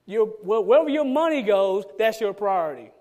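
A man's voice: high-pitched, lively intonation, normal speed, darkish tone. A man, a pastor, preaching a sermon with emphatic repetition and rhetorical questions.

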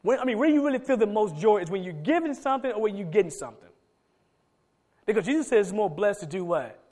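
Middle-aged guy preaching, high-pitched voice, goes loud then quiet, really dynamic delivery. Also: expressive, quick pace. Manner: dynamic preaching, swinging from loud emphatic calls to soft low asides. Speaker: pastor. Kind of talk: sermon.

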